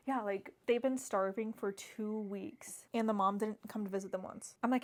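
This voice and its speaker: A woman's voice: medium pitch, fairly even intonation, moderate pace, hardly any pauses. A woman recapping a novel in a chatty, exclamatory way, full of "like" fillers. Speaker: book vlogger. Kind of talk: casual book recap vlog.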